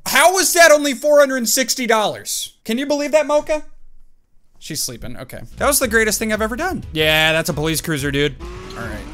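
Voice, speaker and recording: A man giving let's-play commentary as he plays a game, excitable and talking to the game and himself in jumpy outbursts. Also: very high voice, a little fast. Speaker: gaming YouTuber. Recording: game music playing under the voice. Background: game music.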